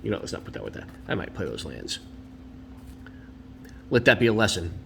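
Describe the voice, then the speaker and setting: A man's voice: low-pitched, sing-song, fairly quick, gravelly, background noise. A man hosting a casual card-opening video at home, chatty and opinionated, with rambling asides. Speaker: card collector and video host.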